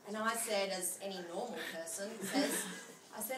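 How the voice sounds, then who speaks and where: A woman's voice: mid-range voice, lively intonation, normal speed. A young woman giving a humorous birthday speech, telling stories and laughing often as she speaks. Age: young adult. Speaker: speech giver at a friend's 21st birthday. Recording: echoey room, mic far off, noisy.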